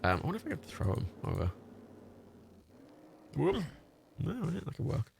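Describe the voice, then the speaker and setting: A man's voice: a little high, wildly swooping pitch, normal speed, gravelly, darkish tone, slight background noise. A young man livestreaming, rambling casually with lots of fillers, restarts and laughs while playing a game.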